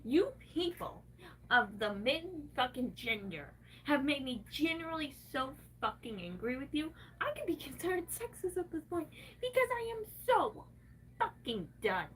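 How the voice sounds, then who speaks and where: A woman's voice: high-pitched, very animated, normal speed, fairly bright tone, distant mic. A woman livestreaming, venting in an angry, profane rant.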